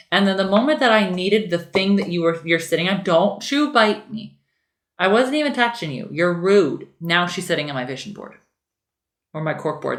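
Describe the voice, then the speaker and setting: A woman's voice: fairly bright tone, reverberant. A young woman chatting casually through a home craft tutorial, rambling and easily sidetracked as she works at a table. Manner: rambling, easily sidetracked, talks to her cat in a high baby voice. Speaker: lifestyle vlogger.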